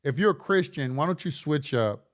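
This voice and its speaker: A middle-aged online course host's voice, fairly high and expressive at a normal speed, carries his late-night livestream. He's blunt, profane, and preachy, eventually turning impassioned.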